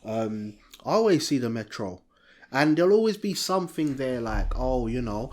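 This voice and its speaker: A man's voice: medium pitch, sing-song, moderate pace, darkish tone. A man, co-hosting a casual chat podcast and rambling with lots of "you know, like.". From England. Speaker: podcast co-host.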